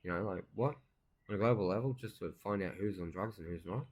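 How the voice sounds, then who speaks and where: A man with a loud, ranting way of talking, swearing through crude casual banter and jokes as co-host. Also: sits low, fast talker, breathy edge.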